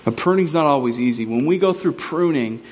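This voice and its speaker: A man's voice: a little high, expressive, brisk, long reverb tail, a little hiss or hum. A man in his thirties preaching a sermon, telling self-deprecating stories with humor as a pastor. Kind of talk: sermon with personal story.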